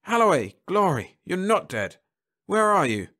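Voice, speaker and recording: A gruff space captain in a storybook reading bellows orders and swears, his voice pushed up high and loud, as a male narrator puts him on. The pitch swings widely with every command. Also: big pitch swings, a little slow, exaggerated voice. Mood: urgent barking. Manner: barking orders, cursing.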